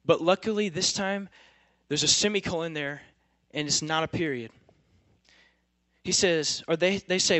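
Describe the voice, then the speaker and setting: A man's voice: on the high side, normal speed, a bit bright, no room sound. A young man preaching a sermon to a campus group in a casual, emphatic way, full of rhetorical questions.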